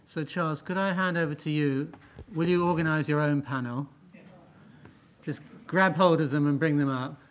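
A man's voice: a little high, fairly even intonation, moderate pace. A British man hosting an event, losing his voice and formally introducing the chair. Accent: British English. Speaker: event host. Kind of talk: introducing a speaker.

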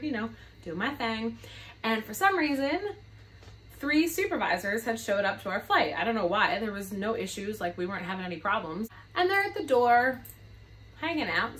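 A woman's voice: medium pitch, lively intonation, normal speed, a bit bright. A woman who works as a flight attendant, candidly telling a gossipy, profane story in a storytime vlog.

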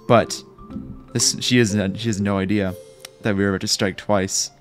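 A man's voice: lowish voice, fairly even intonation, moderate pace, faint music behind. A man giving rambling, joking and self-mocking gameplay commentary as a Minecraft YouTuber.

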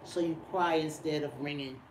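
A woman's voice: low-pitched, steady tone, moderate pace, background noise. A middle-aged woman live-streaming a casual vlog, chatting and teasing while she reads viewer comments aloud. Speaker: lifestyle vlogger doing a live stream.

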